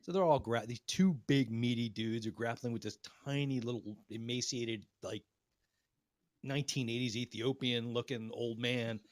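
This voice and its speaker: A man casually telling a long, profane story, animated and mocking himself. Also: mid-range voice, normal speed, dry recording, studio quality. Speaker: podcast co-host.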